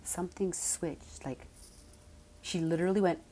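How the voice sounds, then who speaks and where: A woman coach telling a personal story in a casual monologue, animated and at times dropping to soft whispered mantras. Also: lowish voice, normal speed, a little hiss or hum. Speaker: spiritual coach.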